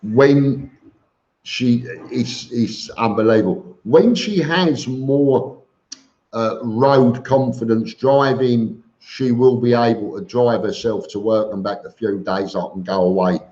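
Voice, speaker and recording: Slow-talking man reading out viewer comments. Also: mid-range voice, mellow. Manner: chatty, greets viewers one by one, joking asides. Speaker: vlogger hosting a live stream. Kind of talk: casual live-stream chat reading viewer comments. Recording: dull lo-fi stream audio.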